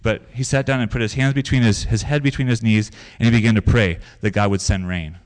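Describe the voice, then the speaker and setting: Low-voiced man preaching conversationally. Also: fairly even intonation, brisk. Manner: conversational preaching with stories and repetition. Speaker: pastor. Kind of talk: sermon.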